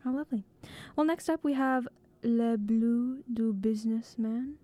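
A woman's voice: fairly high pitch, unhurried, mellow, no room sound. A woman hosting a college radio music show, chatting casually on air with lots of ums and little laughs. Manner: hesitant, full of ums and giggles. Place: radio studio.

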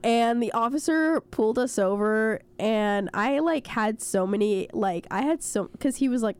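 A young woman co-hosting a casual chat, telling stories in an animated, joking way. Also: on the high side, a little slow, hardly any pauses, clear, resonant tone, dry recording. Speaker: podcast co-host.

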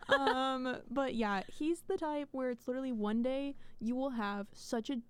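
A woman's voice: high-pitched, unhurried, smooth. A young woman hosting a casual podcast. She teases her co-host playfully and laughs easily. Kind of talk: casual chat.

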